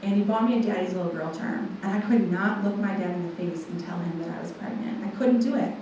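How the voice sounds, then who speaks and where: A young woman in her twenties tells a personal testimony to a room full of people, her tone warm and mellow. She tells it in a lively way and acts out what people said. Her voice comes from well back off the mic and rings through a big echoey hall, with faint ambience behind it. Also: mid-range voice, fast, recorded from a distance, slight background noise. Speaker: guest speaker. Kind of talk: personal testimony told to an audience. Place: large room with a live audience.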